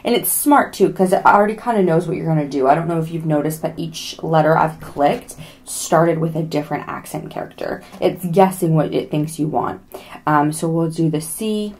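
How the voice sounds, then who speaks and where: A woman's voice: low-pitched, moderate pace, a little mellow. A young adult woman hosting a casual how-to video, chatty and joking as she walks through a gadget step by step. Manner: chatty, joking pleas to subscribe. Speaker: product demo host. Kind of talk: casual tutorial demo.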